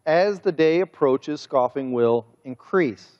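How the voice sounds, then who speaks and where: A man preaching a sermon as pastor, speaking with drawn-out emphasis and a mocking, sarcastic edge. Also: a little high, lively intonation, a little mellow. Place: church sanctuary. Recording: muffled sermon audio with long church reverb.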